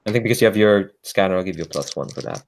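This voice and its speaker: A man narrating a tabletop game as game master, relaxed and hesitant, with many fillers. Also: sits low, racing, creaky, heavy background noise.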